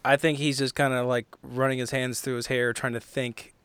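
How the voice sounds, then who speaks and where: A man at a tabletop game talks through what his character does, hesitating and restarting as he thinks. His voice is mid-pitched and the sound is dry and close. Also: flat delivery, moderate pace, fairly bright tone, clean tone, no echo. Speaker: player. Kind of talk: tabletop role-play, casual.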